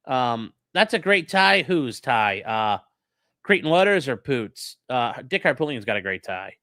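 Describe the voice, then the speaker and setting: A man's voice: mid-range voice, sing-song, a little slow, pushed and bright, no echo, studio quality. A man hosting a casual, profane commentary on a hearing, mocking the lawyers and mimicking them. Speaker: host commenting on a livestreamed hearing.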